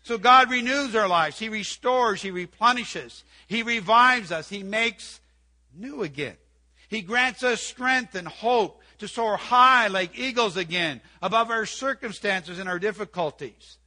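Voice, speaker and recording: A man's voice: high voice, a little slow, pushed and bright. An older man preaching an earnest sermon in church, repeating key phrases and quoting scripture. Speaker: pastor.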